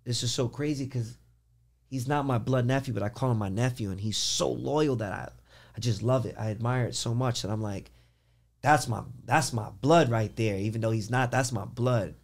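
A man on a podcast casually telling a story in an animated, rambling way, full of "like" and restarts. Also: mid-range voice, brisk. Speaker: podcast host.

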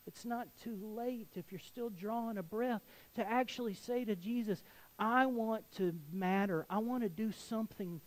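A man preaching a sermon as pastor, earnest and swinging between quiet appeals and emphatic exhortation. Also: high voice, moderate pace, poor audio.

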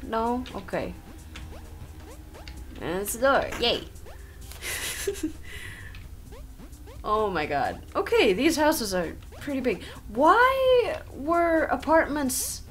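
A woman giving rambling, jokey commentary on a game as she plays, with sarcastic asides, over a desk microphone. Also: mid-range voice. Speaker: gameplay commentator. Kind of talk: playthrough commentary. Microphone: own desk microphone.

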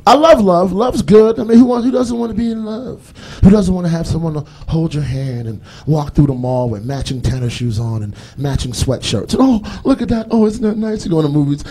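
This young Boston-accented comic delivers a rambling live stand-up routine, heavy on fillers and put-on voices for bits. He speaks at a fairly high pitch, fairly quickly, with a warm tone and few pauses.

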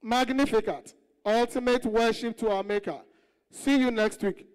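A show host announcing live on stage, loudly, repeating phrases. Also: medium pitch, fairly even intonation, moderate pace, clean tone. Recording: long hall reverb.

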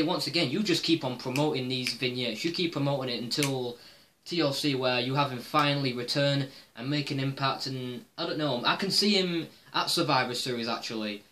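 A man's voice: mid-range voice, fairly bright tone. A man giving his opinions on wrestling in a casual vlog monologue, rambling and swearing with lots of "um" fillers. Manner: rambling and profane, with frequent "um" fillers. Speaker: wrestling commentary vlogger.

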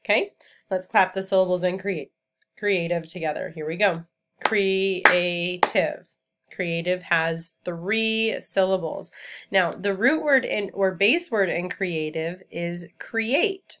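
A woman teacher giving a remote vocabulary lesson to children, speaking clearly and patiently and repeating each word for students to say back. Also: lowish voice, a little slow, a bit bright, a little hiss or hum.

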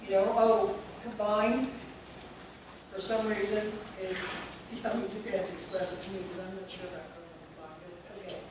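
A woman leads a classroom workshop, explaining spelling step by step and thinking aloud as she goes. She sounds distant from the mic. Her voice carries a heavy room echo over steady background noise. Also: medium pitch, moderate pace. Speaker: teacher trainer. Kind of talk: classroom teaching. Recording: echoey room from far off with noise.

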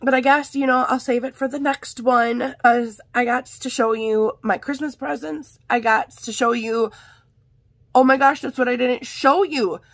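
Female haul vlogger, rambling and talkative, hoarse sick voice, slightly high, dry sound. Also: steady tone, unhurried, no echo. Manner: chatty, rambling. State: hoarse from illness. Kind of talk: casual haul vlog. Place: home art room and office.

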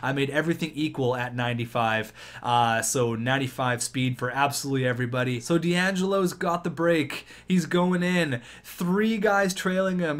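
A man giving excitable gameplay commentary on a hockey video game, shouting at the big plays. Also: a little high. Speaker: gaming YouTuber.

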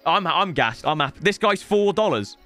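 Excitable young lad, high and lively. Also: male voice, moderate pace, soft background music. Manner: excitable, rambling, jokey. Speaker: football gaming YouTuber. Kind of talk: casual unboxing chat to viewers.

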